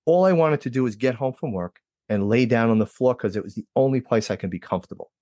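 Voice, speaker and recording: A man from New Jersey tells a story from his own life to an interviewer. His voice sits in the middle register and comes across lively as he acts out other people's lines. The sound is close and dry, with no room echo. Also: fast. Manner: lively, acts out quoted dialogue with pitch jumps. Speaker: interview guest. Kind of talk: personal storytelling.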